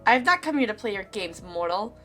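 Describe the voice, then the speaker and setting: A woman's voice: medium pitch, expressive, brisk, a bit bright, close to an everyday voice. A woman reading aloud the lines of a haughty male Grim Reaper in a game, in stiff, formal diction. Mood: stern. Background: faint game music.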